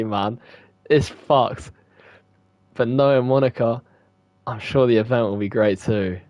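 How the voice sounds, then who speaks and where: A man's voice: mid-range voice, fairly even intonation, takes it slowly, pauses often, no echo, muffled recording. Young man reading game text. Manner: reads game lines aloud, swears freely. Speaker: gaming streamer. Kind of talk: reading visual novel text aloud.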